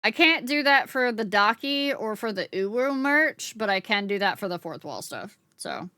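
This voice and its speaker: A woman's voice: a little high, lively intonation, normal speed, pushed and bright, no room sound, studio quality. A woman streamer chatting casually with her live chat while she crochets, swearing freely and laughing often.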